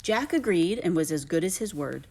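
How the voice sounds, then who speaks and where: Animated lower-voiced woman reading a storybook. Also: normal speed. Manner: animated, lilting. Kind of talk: expressive read-aloud storybook narration.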